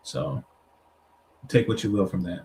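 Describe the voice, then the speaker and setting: A man's voice: low-pitched, expressive, a little slow, mellow, a little hiss or hum, poor audio. Loose-talking man streamer. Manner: loose, profane, rambling. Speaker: streamer reacting to clips. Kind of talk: casual commentary.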